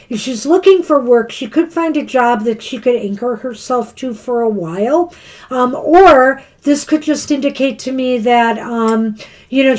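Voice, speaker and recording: A woman's voice: on the high side, a little mellow. A woman co-hosting a live tarot stream in casual chat, losing her voice and a little scattered, laughing and losing her train of thought. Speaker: tarot reader co-host.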